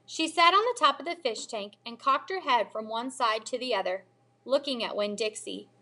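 A teacher reading a children's novel aloud with expressive storybook delivery. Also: female voice, on the high side, normal speed. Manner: expressive storybook reading, lively character voices.

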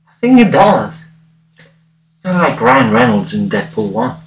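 A man's voice: mid-range voice, big pitch swings, measured pace. A man playing a cocky, mask-muffled Deadpool. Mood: teasing. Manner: cocky, teasing, talks straight to viewers. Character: wisecracking masked male antihero with a gun. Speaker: cosplayer livestreaming. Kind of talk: in-character livestream banter. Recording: roomy, distant mic, noisy.

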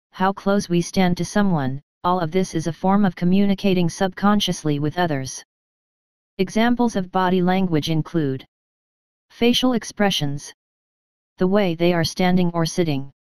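A woman in scripted narration, reading a course lesson in an even, measured way. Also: on the low side, clean tone, no room sound.

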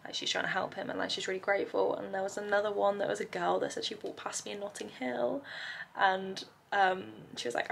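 A woman's voice: mid-range voice, creaky, a bit bright, a little hiss or hum. Tired, rambling young woman vlogging. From England. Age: young adult. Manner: rambling, talks in run-on lists with many "like" fillers. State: tired and overwhelmed. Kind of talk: casual chatty vlog. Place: home, indoors.

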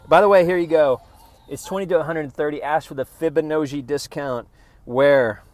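A man's voice: on the high side, fairly even intonation, a little fast, over music. Sarcastic rambling man from Oklahoma. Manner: sarcastic, meandering, mocking voices. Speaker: comedian. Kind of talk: rambling stand-up bit.

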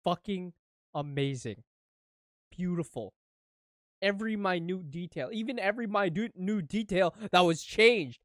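A young man reacting to a show with loud, profane, laughing outbursts. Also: high voice, a little slow, no room sound. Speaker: reaction streamer. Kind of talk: excited reaction commentary. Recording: faint music behind.

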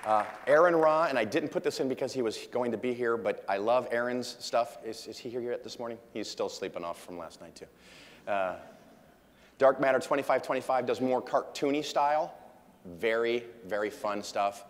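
A man's voice: mid-range voice, normal speed. A man giving a casual, jokey conference talk, acting out quotes from an anecdote. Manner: chatty, jokey, acts out quotes. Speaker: conference speaker. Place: large conference hall. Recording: long hall reverb.

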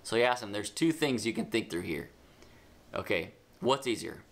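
A man leads a children's Bible lesson in a low, gravelly voice. He retells the story with casual asides and animated emphasis. He slows right down when he wants the kids to write notes. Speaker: children's ministry teacher.

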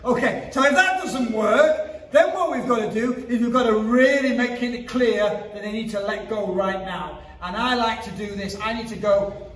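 A man's voice: very high voice, normal speed. A man, a martial arts instructor, teaching a children's class to camera in an upbeat, playful way, counting drills and joking. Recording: echoey hall, far from the mic.

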